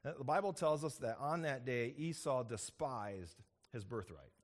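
A man's voice: animated, normal speed. A man preaching a sermon in a conversational storytelling manner, asking "right?" often and acting out the characters' lines. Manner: conversational storytelling with frequent "right?" asides and repeated "and, and"; acts out characters' quotes with shifting pitch and loudness. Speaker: pastor.

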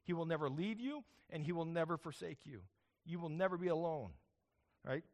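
A man delivering a sermon from the pulpit, his voice sitting a touch high for a man. He preaches emphatically, stacking up phrases in rhythmic repeated lists and pausing to quiz the congregation for answers. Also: lively intonation, a little mellow. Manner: emphatic preaching with call-and-response questions. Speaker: pastor who planted the church.

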